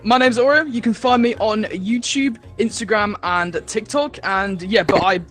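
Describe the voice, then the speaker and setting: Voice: mid-range voice, moderate pace, fairly bright tone, faint music behind. A panelist chatting casually and easygoing about where to find their videos. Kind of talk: casual chat.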